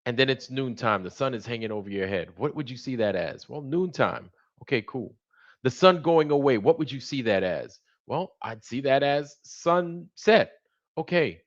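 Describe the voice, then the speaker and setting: A man's voice: medium pitch, lively intonation, moderate pace, muffled recording. A man hosting a livestream, talking casually and animatedly while acting out both sides of a conversation. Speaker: livestream host. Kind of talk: casual monologue.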